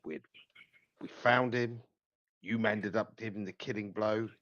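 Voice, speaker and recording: A man playing in a tabletop game, talking smoothly and persuasively, calling others mate and son. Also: lowish voice, steady tone, unhurried, pauses often, a bit bright, dry recording, lo-fi sound. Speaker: player. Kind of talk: in-character tabletop role-play.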